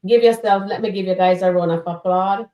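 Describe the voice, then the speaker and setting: A woman's voice: mid-range voice, fairly even intonation, fairly quick, roomy sound, noisy background. A woman hosting a live reaction stream, chatting casually and speaking straight to her viewers. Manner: chatty, addresses the chat directly.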